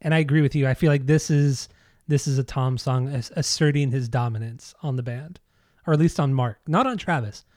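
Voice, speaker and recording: A man's voice: mid-range voice, fairly quick, a little mellow, dry recording, clean studio sound. A man co-hosting a casual music podcast, enthusiastic, laughing often and singing bits of lyrics. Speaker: podcast co-host.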